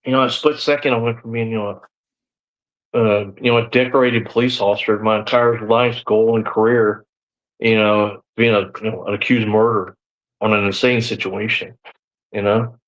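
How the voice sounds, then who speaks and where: With a lowish, slightly bright voice that barely shifts in pitch, he talks at a moderate pace on a low-quality recording. The speaker, a former deputy in his sixties, is telling his story in a live interview. He rambles somewhat, says "you know" and "man" often, and reenacts quoted conversations.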